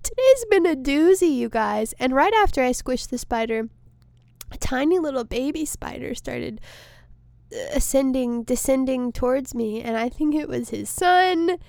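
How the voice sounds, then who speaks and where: A woman's voice: sits high, expressive, moderate pace, creaky, darkish tone, no echo. A woman hosting her podcast alone, a comedian rambling in a casual, self-deprecating and emotional way from her studio. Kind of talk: casual solo monologue. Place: studio space.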